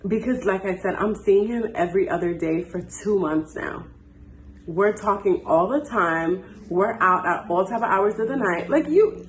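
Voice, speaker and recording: A woman in her twenties telling a dating story in a casual, animated way and acting out the dialogue. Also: mid-range voice, moderate pace, a little hiss or hum. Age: 20s. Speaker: storytime host. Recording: echoey room.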